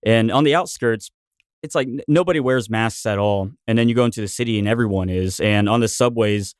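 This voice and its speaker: A man's voice: on the low side, fairly quick, clean tone, no room sound, studio quality. A man who is a podcast guest, telling a rambling story in casual chat.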